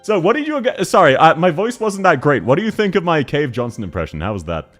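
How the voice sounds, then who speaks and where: A man's voice: a little high, very animated, quick pace, soft background music. Giggly young male streamer. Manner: giggly, laughs often, reacts to chat. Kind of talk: casual live-stream chat while gaming.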